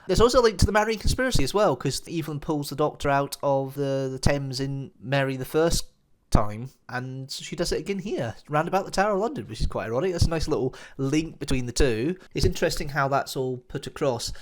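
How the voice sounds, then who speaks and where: A man's voice: fairly high pitch, a little fast. A man giving a casual spoken review of an audio drama, chatty and enthusiastic, often circling back to the same phrases. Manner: chatty, enthusiastic, repeats "nice little" and "interesting".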